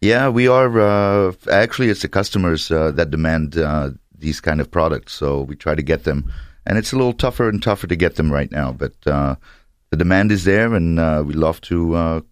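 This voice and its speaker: A man being interviewed as a restaurant owner, speaking hesitantly with many pauses and fillers. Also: deep voice, animated, smooth, no echo, studio quality. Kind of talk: casual interview chat. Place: studio.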